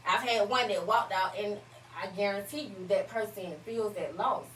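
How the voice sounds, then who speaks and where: A woman's voice: medium pitch, normal speed, a bit bright, slight background noise. A woman hosting a casual chat, talking emphatically and swearing freely. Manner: profane, emphatic, laughing banter. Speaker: podcast host. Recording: echoey room, voice from far off.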